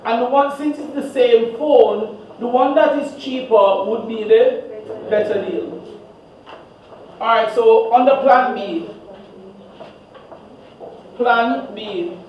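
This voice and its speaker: Guy teaching math, high voice, slow, keeps asking "what?", echoey far-off room, muffled. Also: slight background noise. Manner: call-and-response questioning, fill-in-the-blank "what?" prompts. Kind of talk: classroom exam walkthrough. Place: classroom. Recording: echoey room, distant, dull.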